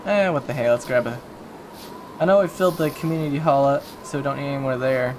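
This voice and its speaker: A man's voice: mid-range voice, quick pace, background noise. A man giving casual, jokey let's-play commentary, talking to himself while he plays. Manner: chatty, jokey, talks to himself while playing. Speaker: gaming YouTuber.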